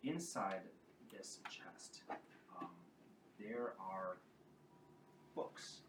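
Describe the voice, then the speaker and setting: A man narrating as game master of a tabletop game, with halting, restarting descriptions. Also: fairly low pitch. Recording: roomy, distant mic with clear background noise.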